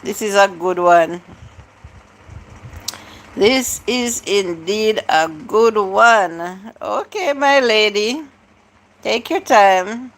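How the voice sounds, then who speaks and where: A woman's voice: medium pitch, drawn-out words. A woman hosting a live stream, chatting casually and answering her viewers' comments one by one.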